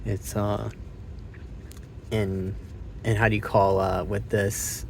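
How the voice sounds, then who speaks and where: A man rambles through a casual spoken movie review, swearing freely and losing his train of thought, and he gets loud and excited retelling scenes. His voice is fairly low and slow, with vocal fry, over slight background noise.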